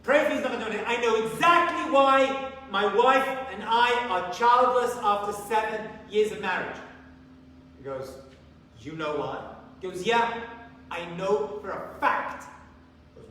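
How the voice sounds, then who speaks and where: A man giving a sermon as a rabbi, telling a story and acting out the dialogue in lively bursts. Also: high voice, slight background noise. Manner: animated storyteller, acts out dialogue. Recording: echoey hall from far off, faint ambience.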